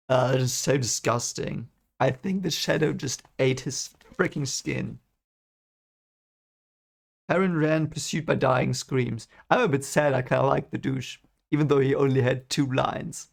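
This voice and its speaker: A young man reading a novel aloud and thinking out loud about it in casual commentary, rambling and restarting his sentences. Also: mid-range voice, steady tone, unhurried, vocal fry. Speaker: book reaction reader. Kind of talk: casual read-along commentary.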